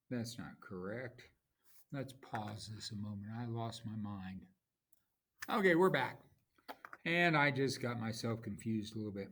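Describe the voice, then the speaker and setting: A man teaching a recorded lesson, explaining in a slow, informal way and correcting himself as he goes. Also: lowish voice, a bit bright. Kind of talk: recorded lecture.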